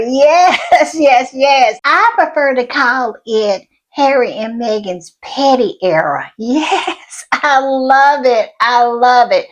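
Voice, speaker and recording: A woman with a drawl talks in an unhurried, gushing way, piling up yeses and "I love it." Her voice sits a little high, and she keeps turning to her viewers with y'all. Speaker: commentary channel host. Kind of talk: enthusiastic fan commentary.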